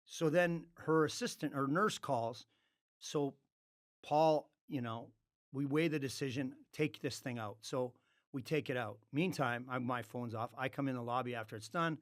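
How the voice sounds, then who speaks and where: A man at a middle pitch for his sex, spinning a long tale in a relaxed podcast chat. He swears freely and slips into the voices of the people in his story as he goes. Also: moderate pace. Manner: animated, acts out quoted dialogue, swears freely. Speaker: podcast guest. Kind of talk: casual storytelling.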